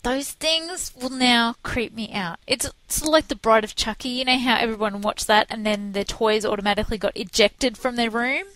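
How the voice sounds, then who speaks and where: Animated woman co-host, bright-pitched and close-miked, dry room. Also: moderate pace, hardly any pauses, dry recording, rough recording. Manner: excitable, animated storytelling. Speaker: podcast co-host. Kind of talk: casual chat.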